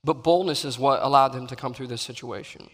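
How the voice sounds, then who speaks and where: A man preaching a sermon, acting out Bible scenes and swinging between loud and soft. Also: medium pitch, a little fast, breathy edge. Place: church sanctuary. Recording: long reverb in a large hall.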